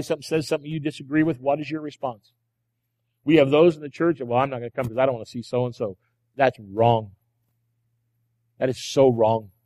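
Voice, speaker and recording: A man preaching from the pulpit in a fairly high voice, driving home his points with repeated refrains and pointed rhetorical questions. His words ring out with a long reverb in the church hall. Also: darkish tone. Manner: emphatic, repeats key phrases, asks rhetorical questions. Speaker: pastor. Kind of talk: sermon. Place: church sanctuary.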